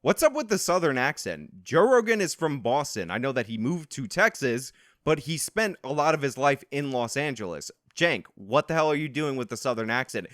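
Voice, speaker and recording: A man's voice: mid-range voice, big pitch swings, moderate pace, fairly bright tone, no room sound, studio quality. A man hosting reaction commentary, combative and sarcastic as he lectures. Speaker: political commentary host.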